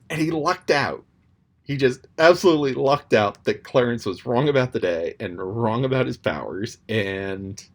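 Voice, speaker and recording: A man casually talking through his thoughts on a book chapter he read aloud. He rambles and muses, with frequent ums and restarts, and now and then slips playfully into quoted voices. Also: medium pitch. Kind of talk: casual spoken commentary.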